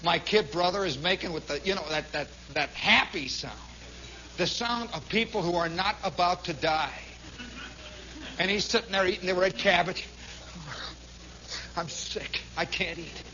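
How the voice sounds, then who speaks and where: A man telling a long personal story as a radio monologue, animated, swinging from hushed to shouting. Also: sits high, normal speed, muffled recording, slight background noise.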